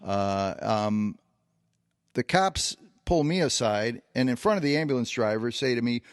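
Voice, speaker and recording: A man's voice: medium pitch, animated, measured pace, dry recording, clean studio sound. A man co-hosting a podcast, recounting a long personal anecdote in a casual storytelling way, with plenty of fillers and restarts. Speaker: podcast co-host.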